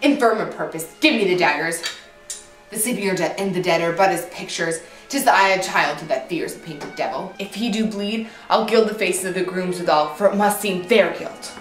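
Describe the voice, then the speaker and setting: A woman's voice: on the low side, normal speed, recorded from a distance, lightly acted. A cold, resolute noblewoman who commands and urges, as a woman acts her. She sounds set back from the mic in an echoey room, with faint music behind. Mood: commanding. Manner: firm, urging, commanding. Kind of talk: stage acting of verse drama.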